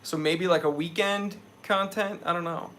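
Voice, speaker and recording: A man's voice: high-pitched, fairly even intonation, moderate pace, fairly bright tone. A young man from New England hosting a live stream, chatting loosely and answering viewers. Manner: chatty, loose, reads viewer comments aloud. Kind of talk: casual live stream chat.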